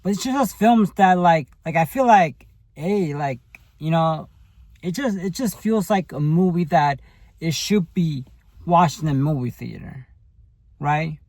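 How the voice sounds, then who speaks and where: A man's voice: on the high side, unhurried, a little mellow, dry recording, poor audio. A man giving a casual spoken movie review, rambling and full of fillers and tag questions.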